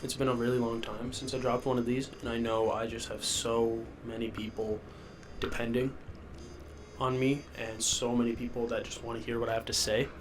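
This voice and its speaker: A sick young man with sniffles hosts a rambling solo podcast from the basement of a rented house, sounding loopy and self-deprecating. His medium-pitched voice has little pitch movement and a normal pace, with background noise present.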